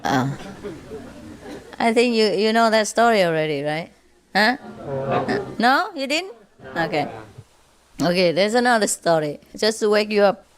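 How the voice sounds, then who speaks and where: A woman's voice: mid-range voice, big pitch swings, a little slow, long pauses. A woman spiritual teacher telling humorous stories to a group, playful and often laughing. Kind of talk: humorous storytelling lecture.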